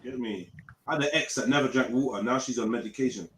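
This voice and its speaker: A man's voice: medium pitch, fast talker, over a noisy crowd. A man hosting a casual live panel chat, telling laid-back stories. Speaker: livestream host. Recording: echoey room, faint noise.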